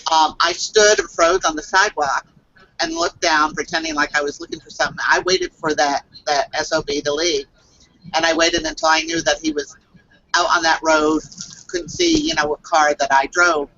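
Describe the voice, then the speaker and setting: A woman who works as a psychic reader tells a personal story on a video call, halting and earnest, with many fillers and restarts. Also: deep voice, very animated, sharp tone, no room sound, highs cut off.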